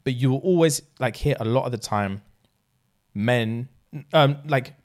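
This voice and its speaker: Animated young man chatting. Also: mid-range voice, unhurried. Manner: animated, swears freely, acts out quotes. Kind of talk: casual chat.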